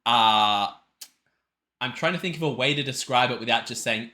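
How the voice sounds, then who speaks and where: A man hosting a music reaction video, excitable and rambling, often restarting his sentences. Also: mid-range voice, fast talker. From Australia. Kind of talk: casual reaction commentary.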